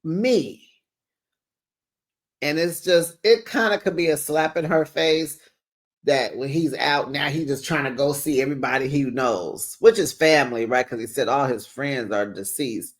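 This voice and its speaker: A man's voice: medium pitch, measured pace. A middle-aged man chatting through a reality TV recap in a gossipy way, talking into a screened studio microphone in his home office. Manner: chatty, gossipy, calls viewers child and besties. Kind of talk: casual recap commentary. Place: home office with sound panels, door closed. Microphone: studio microphone with pop screen.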